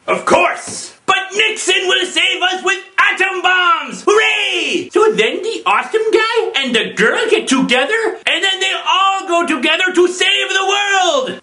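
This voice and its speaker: Super high bright-voiced hobo character, slow and shouty, all over the place. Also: male voice, echoey room, exaggerated voice. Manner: shouty, giddy, scatterbrained rambling. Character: manic rambling homeless man reviewing comics. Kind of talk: comedy character review.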